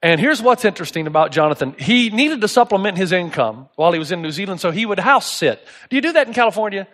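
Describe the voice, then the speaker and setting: Middle-aged male pastor, high voice, lively storytelling sermon delivery. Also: fast. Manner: animated storytelling, acts out voices in anecdotes.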